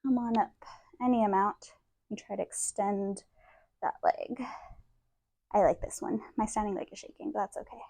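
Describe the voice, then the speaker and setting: On a yoga mat in an indoor room, a young instructor gives a casual demonstration, chatting and poking fun at herself while moving through poses, which leaves her slightly out of breath. Her mid-range, slightly mellow voice is steady and moderately paced, with long pauses and no echo.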